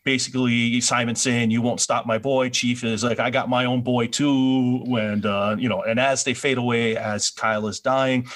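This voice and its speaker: A man co-hosting a podcast, recapping a TV episode in a relaxed, meandering way. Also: mid-range voice, normal speed, few pauses. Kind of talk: casual chat.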